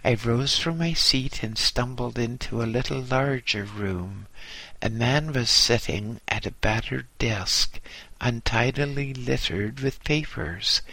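Gravelly man reading a memoir. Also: medium pitch, pushed and bright, no room sound. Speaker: narrator. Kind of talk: audiobook narration.

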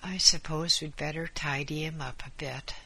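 A man's voice: a little high, steady tone, moderate pace, gravelly, bright, forceful tone, breathy edge, heavily acted. A man reading aloud, voicing a blunt, sarcastic female nurse. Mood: irritated.

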